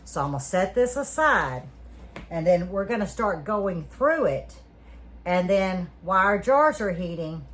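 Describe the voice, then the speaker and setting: A woman's voice: lowish voice, a bit bright. Chatty woman teaching canning. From Louisiana. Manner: chatty, folksy, checks in with "okay?". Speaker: home canning cook, channel host. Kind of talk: casual kitchen demonstration. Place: home kitchen.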